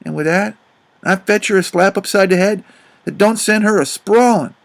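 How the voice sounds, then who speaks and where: A man doing Jim, a gravelly grieving father. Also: sits high, moderate pace. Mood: remorseful. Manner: drawling, swells to loud outbursts. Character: grieving remorseful grown father, rough and tender. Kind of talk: audiobook character reading.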